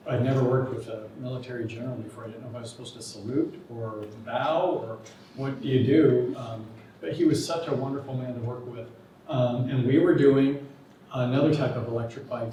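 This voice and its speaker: A man giving a lecture, telling a relaxed personal story with many ums and pauses. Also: medium pitch, slight background noise. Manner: relaxed, anecdotal, with many fillers. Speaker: guest lecturer. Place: large lecture hall. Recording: echoey lecture hall, distant mic.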